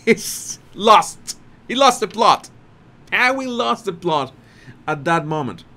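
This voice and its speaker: A man's voice: high voice, takes it slowly. A man giving casual commentary on a video clip, repeating words and restarting often. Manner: repetitive, restarts often, animated with laughter.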